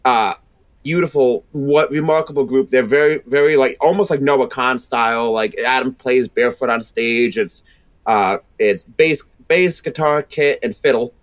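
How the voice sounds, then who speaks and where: Man, Rhode Island accent, energetic, rambling chat, dry close mic. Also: medium pitch, normal speed, no room sound. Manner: energetic, rambling with many restarts. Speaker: podcast guest, sound engineer. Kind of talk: casual chat.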